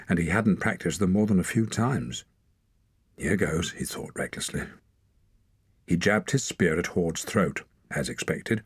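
A man narrating an adventure story in a steady, measured audiobook reading. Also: low-pitched, husky, no room sound, studio quality.

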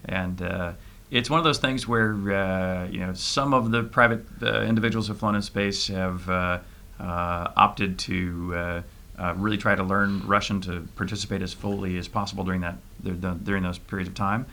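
A middle-aged man answering interview questions in a halting way, full of fillers and restarts. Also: sits low, fairly even intonation, sharp tone. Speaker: interview guest, private spaceflight trainee.

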